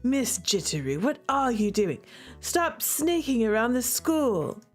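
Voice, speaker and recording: A woman's voice: fairly high pitch, big pitch swings, slow, soft background music, full character voice. A woman voicing a flustered male teacher who scolds in an exasperated way.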